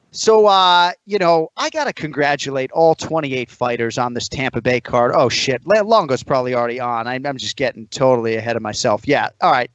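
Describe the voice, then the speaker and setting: A man's voice: mid-range voice, fairly bright tone, no room sound, dull audio. A man hosting a podcast in casual, joking chat, swearing freely and rambling. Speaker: podcast host.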